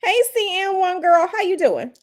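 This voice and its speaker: A woman's voice: extremely high pitch, very animated, moderate pace. A woman hosting a casual livestream chat at home, reading viewer comments in a teasing, chatty way that hints at gossip and often repeats herself. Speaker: livestream host.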